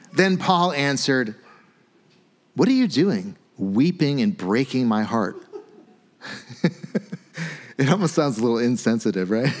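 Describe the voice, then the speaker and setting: A man, a pastor, giving a sermon in a conversational, animated way, often checking in with "right?". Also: mid-range voice. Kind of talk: sermon teaching.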